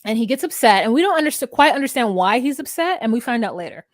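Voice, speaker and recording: A woman co-hosting a podcast, retelling reality show scenes in a relaxed, joking, casual way. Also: fairly high pitch, quick pace, no echo, studio quality. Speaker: podcast co-host. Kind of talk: casual recap chat.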